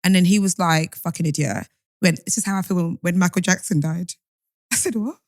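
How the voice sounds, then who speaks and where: Young woman, quick rambling chat, low voice, dry close sound. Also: steady tone, no echo. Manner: rambling, candid, restarts often. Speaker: podcast co-host. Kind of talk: casual chat.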